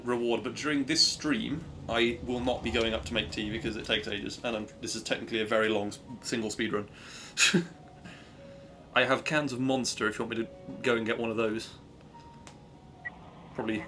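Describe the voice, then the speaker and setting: A man chatting upbeat through a live speedrun, cheering his own progress and making asides to his stream viewers. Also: medium pitch. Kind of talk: live gameplay commentary.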